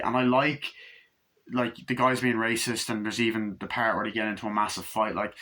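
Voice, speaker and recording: A man's voice: on the low side, steady tone, fairly quick, pushed and bright. A man talking through a film review in a loose, rambling way, gushing and swearing a lot. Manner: rambling, enthusiastic, heavy swearing. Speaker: movie reviewer. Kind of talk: casual film review monologue.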